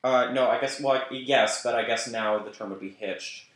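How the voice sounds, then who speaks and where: A man's voice: medium pitch, moderate pace, a bit bright, a little hiss or hum. A British man co-hosting a podcast, chatting and joking with a laugh while cooking. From Britain. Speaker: podcast co-host. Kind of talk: casual chat while cooking. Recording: echoey room.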